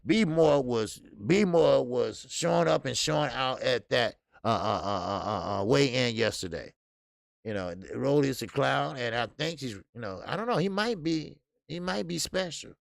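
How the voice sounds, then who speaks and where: A gravelly-voiced man hosts a boxing livestream and chats loosely with his viewers, swearing freely and laughing hard. His voice is close to the mic in a dry room. The talk rambles and keeps doubling back. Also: mid-range voice, lively intonation, normal speed, no echo. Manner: loose and profane, reading out chat comments, bursts of laughter. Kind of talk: casual livestream chat.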